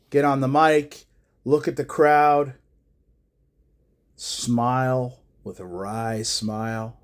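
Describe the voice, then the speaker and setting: A man casually narrating a wrestling storyline idea in a low-key, unhurried way. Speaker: fan pitching a wrestling storyline.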